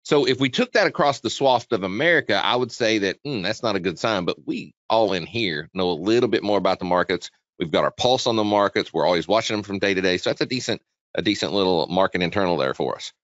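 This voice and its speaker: A man hosting a live trading webinar, chatty and energetic, talking quickly with frequent restarts. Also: on the low side, no room sound. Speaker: webinar host, trading educator. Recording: dull, dry lo-fi sound.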